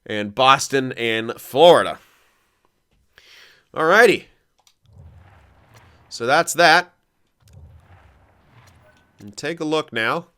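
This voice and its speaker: A young man with a smooth, clear, mid-pitched voice talks through his hockey video game as he plays. He thinks aloud, gets excitable and swears freely. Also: extremely slow, pauses often. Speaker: gaming commentator. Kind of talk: casual gameplay commentary.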